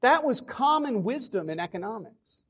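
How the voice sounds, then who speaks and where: A man's voice: very high voice, sing-song, moderate pace, fairly bright tone, husky. Emphatic man giving an economics lecture. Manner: emphatic, repeats key phrases, asks and answers own questions. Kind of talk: public lecture. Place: lecture hall.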